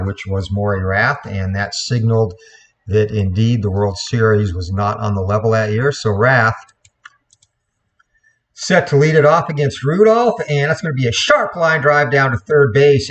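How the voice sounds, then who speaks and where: A man calling play-by-play for a replayed computer baseball game, in a steady voice, correcting himself now and then. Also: mid-range voice, normal speed. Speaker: play-by-play commentator.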